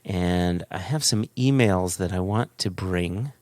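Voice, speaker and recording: A man's voice: deep voice, slow, darkish tone, dry recording. A man co-hosting a podcast, chatting casually and reading listener emails aloud, often laughing as he goes. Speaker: podcast co-host.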